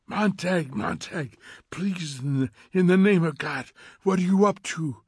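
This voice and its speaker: An older man whispering anxious, scolding warnings from inside an earpiece, as a male narrator puts him on. The voice is hushed and pleading, and the studio sound is close and dry. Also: slow pace, vocal fry, no room sound, full character voice. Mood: urgent. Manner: urgent, hissing low voice.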